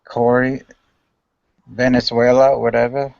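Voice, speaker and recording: A man's voice: medium pitch, flat delivery, measured pace, vocal fry, a little mellow. A man bantering and teasing in casual joking chat on a live stream. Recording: dull lo-fi stream mic.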